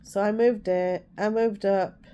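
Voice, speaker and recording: A woman's voice: medium pitch, steady tone, a little slow, warm tone, a little hiss or hum. A woman talking frankly and from the heart in a personal vlog, retelling what happened to her and what she said at the time. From Yorkshire, England. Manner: frank and heartfelt, retelling her own past words with heat. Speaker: vlogger. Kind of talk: candid personal storytelling vlog.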